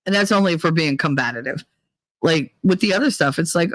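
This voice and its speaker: A woman's voice: sits low, animated, a little fast, no echo. A woman hosting a livestream in casual chat, blunt and rambling, swearing freely. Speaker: livestream host.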